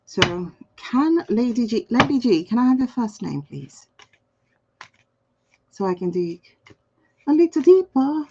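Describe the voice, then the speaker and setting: A playful, lively woman does a live tarot reading, laughing often and chatting to viewers by name. Her fairly high voice moves a little slowly with frequent pauses. The stream audio is slightly dull and lo-fi, with a little hiss or hum.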